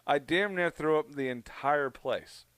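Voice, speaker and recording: A man from Canada telling a story in casual chat on a podcast, profane and animated. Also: a little high, a little slow, clean tone, dry recording. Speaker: podcast co-host.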